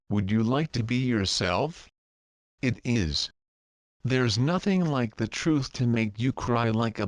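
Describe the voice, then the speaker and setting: A man narrating a spiritual story in the second person, calm and measured. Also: mid-range voice, no room sound. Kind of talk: slow guided narration.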